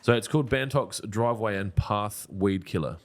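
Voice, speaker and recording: Aussie bloke on a podcast, lowish voice, blunt and jokey, swears a lot. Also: male voice, moderate pace. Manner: blunt, joking, swears freely. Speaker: podcast co-host. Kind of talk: casual podcast chat.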